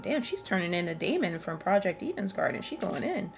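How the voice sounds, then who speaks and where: Excitable, swearing woman streamer. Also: fairly low pitch, a little fast, hardly any pauses, faint music behind. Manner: excitable, swears a lot, slangy. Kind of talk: casual let's-play commentary.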